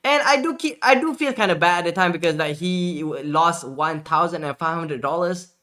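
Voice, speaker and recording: A male streamer telling a storytime vlog in an animated, exasperated way, full of slangy asides. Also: a little high, moderate pace.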